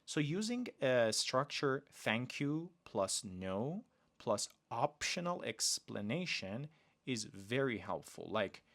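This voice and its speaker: Slow, animated male teacher. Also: mid-range voice, vocal fry. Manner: slow, deliberate delivery with lively emphasis on example phrases. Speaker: English teacher, podcast host. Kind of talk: podcast lesson.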